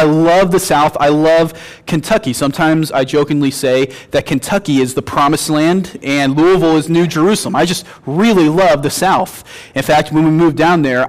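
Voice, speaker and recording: An earnest male preacher with a Northern Illinois accent delivers a sermon, his voice sitting a little high for a man. He moves from scripture reading into storytelling, with touches of gentle humor. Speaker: guest pastor.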